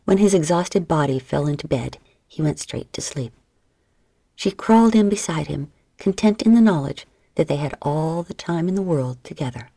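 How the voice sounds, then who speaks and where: A woman reading an audiobook as narrator in a steady, scripted way. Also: low voice, normal speed, dry recording.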